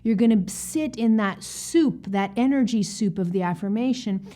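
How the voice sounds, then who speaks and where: Female wellness coach, mid-range voice, slow and deliberate delivery, repeats for emphasis. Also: medium pitch. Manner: calm, deliberate, repeats key words for emphasis; checks in with frequent "okay?". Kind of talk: instructional video lesson.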